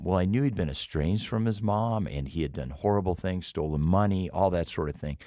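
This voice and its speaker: A man's voice: low-pitched, fairly quick, few pauses, mellow, no echo, clean studio sound. A middle-aged man who leads a rescue mission, telling stories earnestly in an interview with frequent restarts. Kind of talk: interview conversation.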